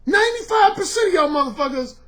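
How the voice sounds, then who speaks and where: A man coaching on dating, delivering a heated, profane rant to camera with combative, repetitive challenges and frequent shouting. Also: very high voice, lively intonation, quick pace.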